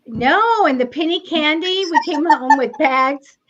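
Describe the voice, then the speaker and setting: A woman's voice: high-pitched, expressive, unhurried, a bit bright. Chatty woman with a dull, muffled sound. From United States. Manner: chatty, rambling, laughs often. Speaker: psychic show co-host. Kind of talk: casual chat.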